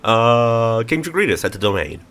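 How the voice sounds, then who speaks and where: A man's voice: medium pitch, very animated, moderate pace, fairly bright tone. A young man with a stuffy nose giving casual let's play commentary, reading the game's text aloud with playful asides. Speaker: gamer reading in-game text. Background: faint game music.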